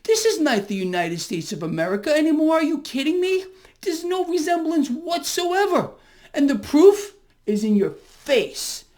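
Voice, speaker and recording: A man's voice: very high voice, big pitch swings, normal speed, darkish tone. A man with a Brooklyn accent giving a fired-up, emphatic market commentary rant to his viewers. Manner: hyped-up, emphatic, swearing.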